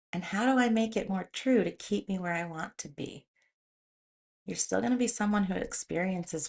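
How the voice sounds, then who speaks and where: A woman hosts a motivational talk in a medium-pitched voice with vocal fry. She speaks conversationally and tells stories with animation.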